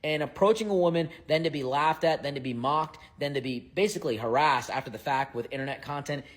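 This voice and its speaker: A man's voice: fairly high pitch, fast talker. A man hosting a commentary video, speaking directly to the camera as a dating coach in an emphatic, lecturing way.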